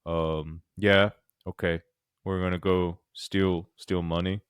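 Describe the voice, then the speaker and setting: A man's voice: low-pitched, level tone, slow pace, clean tone, no echo, clean studio sound, pitched below the performer's own voice. A man voicing a dim, passive young male sidekick who mumbles in a resigned way.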